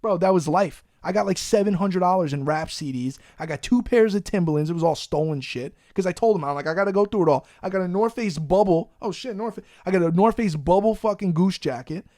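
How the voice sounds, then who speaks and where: New dude on a podcast, swearing a lot, kinda high voice, dry close sound. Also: male voice, a little fast, few pauses, no echo. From Long Island, New York. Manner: profane, animated storyteller. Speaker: podcast host. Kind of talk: casual storytelling.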